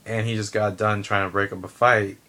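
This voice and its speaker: A man's voice: fairly low pitch, flat delivery, brisk, sharp tone. A man giving a heated, blunt opinion rant to camera, swearing and restarting his sentences. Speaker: vlogger.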